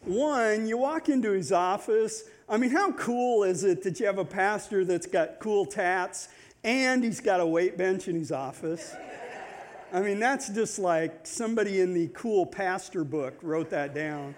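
A man with a notably high voice, originally from Nebraska, addressing a church congregation as a visiting pastor. His talk is loose and conversational, full of joking asides and self-deprecating remarks. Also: unhurried, slight background noise. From Nebraska, USA. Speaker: guest pastor. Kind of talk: informal sermon opening, personal storytelling.

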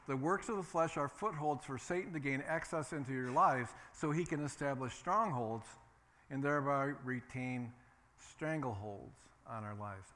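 Male pastor mid-sermon, bright forceful tone, emphatic, repeats himself, calls for responses. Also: medium pitch.

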